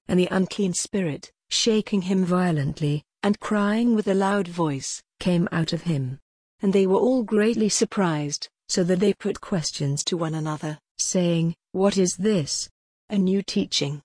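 A woman giving a steady, measured reading of Bible passages, pausing deliberately between phrases. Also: fairly low pitch, husky, no room sound, studio quality. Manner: steady, even-paced reading with deliberate pauses. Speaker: scripture reader.

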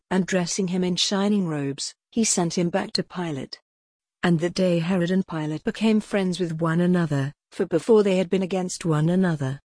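A woman giving a measured, scripted reading of a Bible passage. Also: lowish voice, darkish tone, slightly rough, no room sound, clean studio sound. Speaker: scripture reader.

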